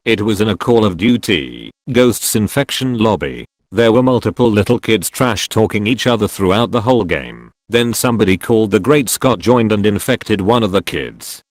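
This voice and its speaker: Guy with a lowish voice reading funny stories out, steady and flat, super dry close sound. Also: no room sound. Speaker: narrator. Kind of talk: scripted narration of online posts.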